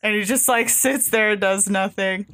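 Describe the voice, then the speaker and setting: A woman co-hosting a casual chat about comics. She talks in an animated way, with many fillers, and acts out lines of dialogue in quick put-on voices. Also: medium pitch, dry recording. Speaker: podcast co-host.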